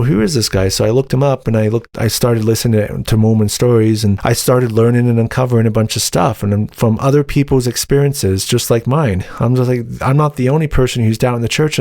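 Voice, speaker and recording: Halting man telling his story, dry. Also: medium pitch, a little mellow, no echo. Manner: halting, repeats words, quotes his own past thoughts. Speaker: podcast host. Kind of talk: solo podcast storytelling.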